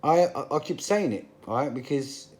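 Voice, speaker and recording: Fired up guy ranting to camera, bit high voice, jumps all over in pitch. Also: animated, moderate pace, darkish tone. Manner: passionate, emphatic, repetitive, rhetorical questions. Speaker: religious commentator. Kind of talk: passionate monologue to camera.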